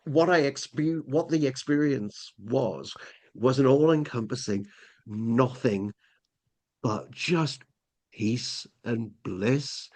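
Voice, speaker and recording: A man's voice: medium pitch, animated, takes it slowly, a little mellow. A middle-aged English man telling a long personal story as a podcast guest, rambling with lots of restarts and fillers. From England. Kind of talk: casual storytelling.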